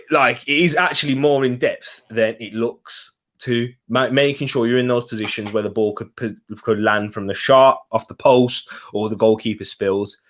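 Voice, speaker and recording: A young man with a mild Birmingham accent talks through a football match as it happens, reacting to his viewers. His voice sits at a middling pitch, and he is chatty and excitable, quick to burst out at a chance or a goal. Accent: Birmingham English. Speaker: football watch-along streamer. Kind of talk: live casual commentary.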